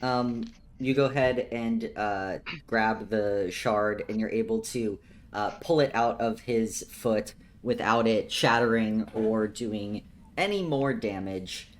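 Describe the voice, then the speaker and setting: A man narrating as game master of a tabletop game, unhurried and full of ums. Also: on the low side, a little hiss or hum. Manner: unhurried, with many ums and chuckles.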